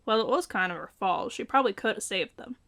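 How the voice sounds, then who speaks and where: A woman's voice: mid-range voice, animated, fast talker, a bit bright. A woman reading the lines of a blunt, tactless young man.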